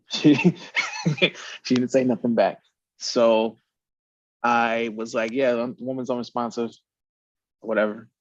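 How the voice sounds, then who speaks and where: Brief: man, casual storyteller, lively, swears, dry lo-fi recording. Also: medium pitch, slow, long pauses, no echo. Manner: animated storyteller, swears, acts out quotes. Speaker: podcast host.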